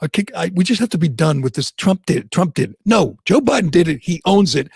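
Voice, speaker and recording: Male talk-radio host, raspy, a touch high, indignant, close dry studio mic. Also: animated, quick pace, darkish tone, dry recording. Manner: heated, indignant and sarcastic; mocks others in put-on voices. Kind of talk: opinionated talk radio rant.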